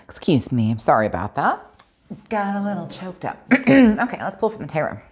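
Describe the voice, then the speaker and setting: A woman's voice: fairly low pitch, big pitch swings, normal speed, darkish tone. A woman giving a spiritual tarot reading, talking earnestly and a bit preachily straight to her viewers. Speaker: tarot reader.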